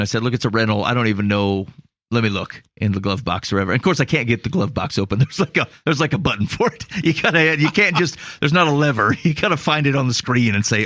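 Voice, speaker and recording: A man's voice: mid-range voice, a bit bright, no room sound, studio quality. A man from Iowa co-hosting a podcast, telling a long story casually and laughing at himself. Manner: rambling, self-mocking, laughs through his story. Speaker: podcast co-host.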